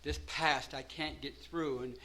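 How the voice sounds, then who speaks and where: An older man from Southern California, his voice a little high and his pace a little slow, tells his recovery story at a meeting. He starts out rambling before growing animated and laughing. The recording is rough.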